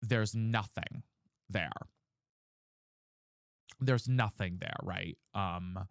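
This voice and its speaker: A man livestreaming a candid casual chat, talking in an earnest, searching way with halting restarts. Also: lowish voice, no echo, studio quality.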